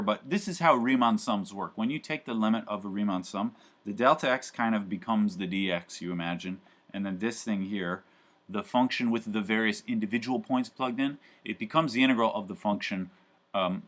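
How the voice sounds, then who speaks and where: Male professor lecturing a live class; lowish voice, loose chatty delivery full of ums and asides. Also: a bit bright. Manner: casual, chatty, many fillers and asides. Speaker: university math professor.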